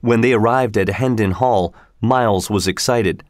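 A man narrating a story in a steady, measured reading. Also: fairly low pitch, dry recording, studio quality.

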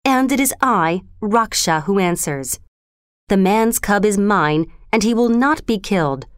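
A woman's voice: mid-range voice, lively intonation, measured pace, clear, resonant tone, dry recording, studio quality, close to an everyday voice. A woman voicing a fierce, protective mother wolf in a storybook reading, speaking tenderly and defiantly.

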